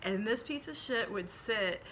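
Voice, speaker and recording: A woman's voice: mid-range voice, animated, a little slow. Female podcast host, brash and profane, rambling anecdote, faint noise behind her. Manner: profane, rambling, laughs through story. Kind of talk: casual storytelling.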